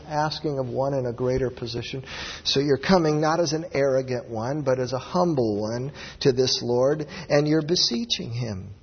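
A man's voice: medium pitch, breathy edge. A man preaching a sermon with emphatic, rising exclamations. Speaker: pastor. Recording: dull lo-fi audio with long hall reverb.

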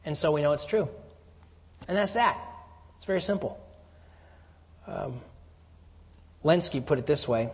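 Fairly high-voiced male preacher in a reverberant hall. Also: animated, a little slow, long pauses. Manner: swings from emphatic to hushed, near-whispered stresses. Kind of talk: sermon.

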